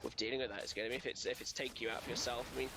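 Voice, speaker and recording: Male co-host, hesitant and giggly, mid-pitched voice, noise under the audio. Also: steady tone, gravelly. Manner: halting, repeats words, giggly. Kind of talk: casual stream chat.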